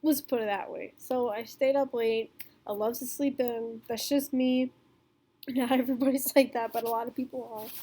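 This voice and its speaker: A woman's voice: a little high, fairly even intonation, moderate pace, warm tone. A young woman telling a storytime vlog to camera in a rambling, casual way, full of fillers, swearing and laughter. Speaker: vlogger.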